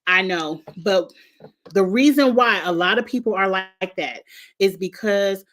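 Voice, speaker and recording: A woman's voice: medium pitch, measured pace, fairly bright tone. Blunt, laughing woman chatting on a livestream. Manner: blunt and outspoken, laughs often; greets chat viewers by name between remarks. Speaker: show reviewer and livestream host. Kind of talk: casual livestream chat.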